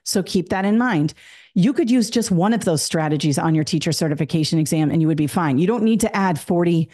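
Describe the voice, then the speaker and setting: A woman's voice: fairly low pitch, lively intonation, brisk, mellow. A woman teaching an exam prep lesson, explaining step by step and acting out classroom prompts. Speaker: test prep instructor.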